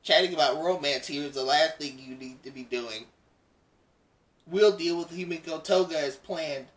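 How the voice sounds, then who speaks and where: A man reading out the lines of a calm young frog-girl hero in his own voice, slightly distant from the mic. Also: on the high side, moderate pace, natural voice. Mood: steady.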